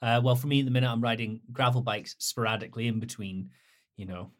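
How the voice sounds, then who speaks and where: A man's voice: mid-range voice, fast talker. A man hosting a casual podcast chat, teasing and laughing often. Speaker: podcast host.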